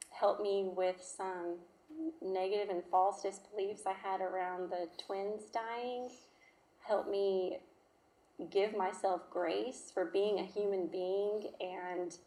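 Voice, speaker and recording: A woman, telling a personal testimony in an emotional, halting way. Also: medium pitch, warm tone. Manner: emotional, halting, with fillers and restarts. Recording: echoey room.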